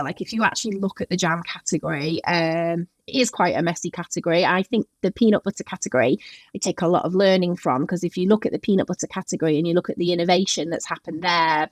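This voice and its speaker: A woman's voice: lowish voice, dry recording. A woman from Yorkshire, a food brand founder, talking casually and keenly in an interview, with many "um"s and "like"s. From Yorkshire, England. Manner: enthusiastic, with frequent "um" and "like".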